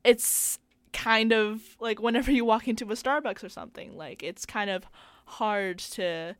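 A woman arts reporter chatting on a radio show, talking quickly in rambling bursts full of fillers and restarts. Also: a little high, fairly bright tone, smooth, no room sound. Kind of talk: casual radio chat.

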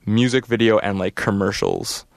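A man's voice: lowish voice, wildly swooping pitch, normal speed, vocal fry, no echo. A man co-hosting a college radio music show, chatting casually in a rambling, hesitant way with many fillers.

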